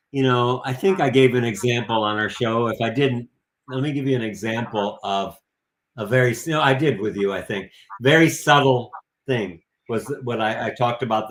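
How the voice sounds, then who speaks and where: A man's voice: medium pitch, normal speed. A man in casual conversation, speaking reflectively with frequent restarts. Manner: reflective, searching, many restarts.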